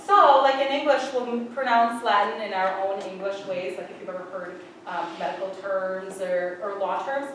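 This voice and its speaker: A woman's voice: mid-range voice, steady tone, normal speed, few pauses, a bit bright, slight background noise. A woman conducting a choir rehearsal, talking in a chatty, upbeat way and singing syllables to show how a passage goes. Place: large rehearsal hall. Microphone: far camera. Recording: echoey hall from far off.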